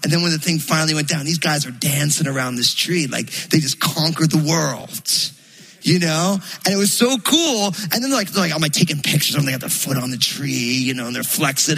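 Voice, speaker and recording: A pastor from New Jersey preaching a sermon, telling a story in a loose, chatty way full of fillers. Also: male voice, fairly high pitch, gravelly, sharp tone, breathy edge, rough recording.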